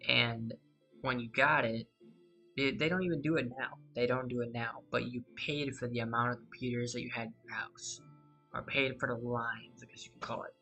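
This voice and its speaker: A man's voice: mid-range voice, steady tone, moderate pace, creaky, sharp tone, faint music behind. A man hosting a gaming channel, chatting casually and rambling through a story over his gameplay, losing his thread and swearing freely.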